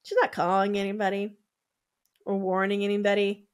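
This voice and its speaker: A woman's voice: medium pitch, completely flat delivery, normal speed. A woman host telling a true-crime story in a casual, chatty way, full of "like" and wry asides, now and then swearing. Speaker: podcast host.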